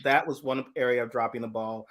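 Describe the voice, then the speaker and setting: Animated man riffing on politics. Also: medium pitch, a little fast. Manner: animated storyteller, acts out quoted voices, laughs mid-sentence. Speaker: co-host of a political live chat. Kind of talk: casual political chat.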